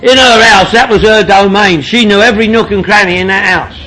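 A middle-aged man with a strikingly high voice tells his story to a meeting room crowd. He is blunt and joking, swears freely and laughs through his lines. His tone is bright and sharp. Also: fairly quick, low-quality recording. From London, England. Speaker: speaker sharing at a recovery meeting. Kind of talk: comic storytelling to a group.

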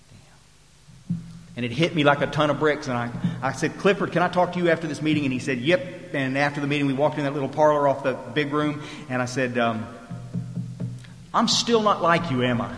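A man telling a personal recovery story to a group, drawling and restarting his sentences often. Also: mid-range voice. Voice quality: drawling, lots of restarts and repeated words. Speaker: recovery speaker. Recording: echoey hall with long reverb.

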